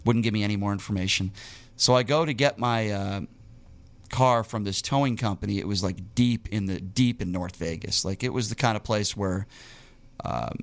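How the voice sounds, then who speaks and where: A man telling a long personal story in casual talk, animated and indignant, with his voice jumping up in bursts. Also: on the low side, normal speed. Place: Las Vegas local.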